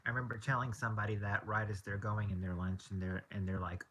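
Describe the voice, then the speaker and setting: A young man chats casually on his livestream in a fairly low, fairly bright voice, with slight background noise behind him. His delivery is flat and quick with few pauses, and he's easygoing, often repeating and restarting phrases.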